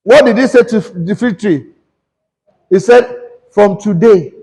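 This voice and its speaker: A man's voice: high-pitched, a little slow, pauses often, darkish tone, breathy edge, big-room sound. A man preaching a sermon, questioning the congregation and mixing English and Yoruba. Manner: switches between English and Yoruba. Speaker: pastor.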